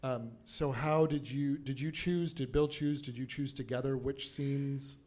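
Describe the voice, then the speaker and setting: A man moderating a book event, asking questions in a quick and halting way. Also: medium pitch, steady tone, a little mellow. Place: event hall with an audience.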